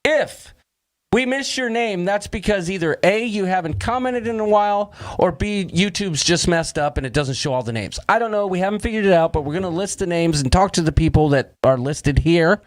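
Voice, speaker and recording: A man's voice: high-pitched, expressive, normal speed. A man hosting a casual livestream chat, jokey and upbeat, reading out viewers' names and throwing in puns. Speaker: host.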